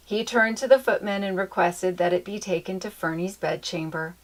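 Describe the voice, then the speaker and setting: A woman reading a children's chapter book aloud in an expressive, lilting storytelling manner. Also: on the low side, moderate pace, few pauses.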